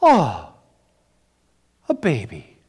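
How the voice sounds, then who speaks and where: A man's voice: mid-range voice, huge pitch swings, extremely slow, mellow, husky, pitched below the performer's own voice, heavily acted. Girl acting surprised and helpful, played by a male preacher; light, polite, fake-casual. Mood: feigned innocence. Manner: playacted, innocent and eager. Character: young girl feigning innocent surprise.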